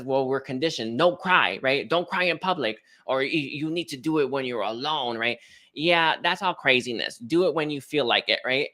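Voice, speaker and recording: Guy doing a live card reading, rambly and chatty, bright tense voice. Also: mid-range voice. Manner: rambling, chatty, many fillers and restarts. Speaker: spiritual card reader.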